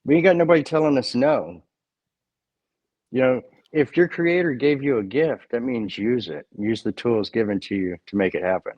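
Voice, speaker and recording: A man speaks in short, firm, measured statements as an interview guest. His voice sounds dry and close, with little room sound around it. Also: medium pitch, dry recording, muffled recording. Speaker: author and music creator, guest. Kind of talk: interview answers.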